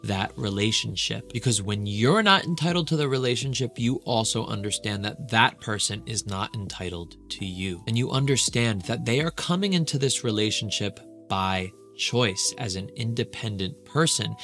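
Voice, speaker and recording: A man's voice: lowish voice, animated, moderate pace, few pauses, fairly bright tone, soft background music. A man who is a relationship coach giving earnest, emphatic advice in a reaction video.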